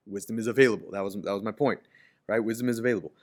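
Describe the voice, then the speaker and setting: A man's voice: mid-range voice, fast. Emphatic male pastor preaching. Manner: emphatic, repeats and restarts phrases, voice swells on scripture quotes. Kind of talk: sermon.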